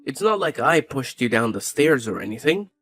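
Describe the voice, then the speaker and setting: A man's voice: medium pitch, sing-song, fairly bright tone. A man playing a callous, blaming husband. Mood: scornful. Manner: cold, scornful, quick to blame. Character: callous dismissive young husband.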